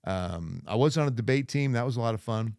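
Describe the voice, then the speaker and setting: A man's voice: mid-range voice, a little fast, no room sound, studio quality. A middle-aged man from New Jersey, a TV meteorologist and guest, telling stories in a casual podcast chat and acting out the people he quotes, with a neutral accent. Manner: lively storyteller, acts out quoted people.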